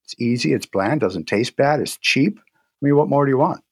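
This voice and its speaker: A man speaking as an interview guest, telling stories in a relaxed way with frequent restarts and pauses. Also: medium pitch, dry recording, studio quality. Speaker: guest, herbal medicine practitioner. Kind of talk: casual interview talk.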